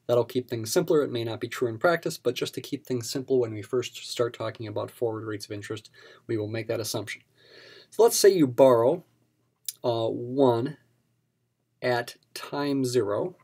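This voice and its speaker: A man explaining a math problem step by step in a recorded lesson. His pitch sits in the middle range, and his delivery is patient and methodical. He keeps coming back to key terms for emphasis. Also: a little mellow, husky. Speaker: math instructor.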